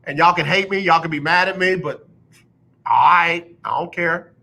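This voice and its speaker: Man, sports radio host, slightly high voice, blunt opinionated rant, repeats himself. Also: moderate pace, vocal fry, bright, forceful tone. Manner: mocks others with exaggerated announcer impressions. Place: radio studio.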